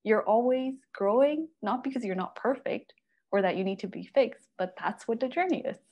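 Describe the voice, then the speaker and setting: A woman's voice: on the high side, animated, moderate pace, lo-fi sound. A woman hosting a podcast, reflecting on her guest's story in an affirming way. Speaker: podcast host. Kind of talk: reflective conversation and read promo.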